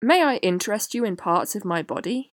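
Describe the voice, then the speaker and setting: A woman's voice: mid-range voice, expressive, brisk, no echo, studio quality, close to an everyday voice. A woman voicing a polite talking cow that offers itself as dinner, courteous and ingratiating.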